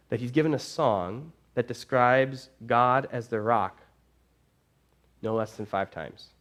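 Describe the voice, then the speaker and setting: Animated male pastor telling a story. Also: medium pitch. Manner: animated storytelling, casual phrasing. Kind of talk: sermon. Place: church.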